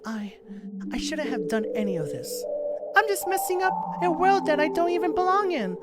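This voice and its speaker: A woman's voice: high voice, big pitch swings, normal speed. A woman voicing an obsessive, lovesick schoolgirl club president who talks sweetly and pleads when wounded, over game music. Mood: remorseful.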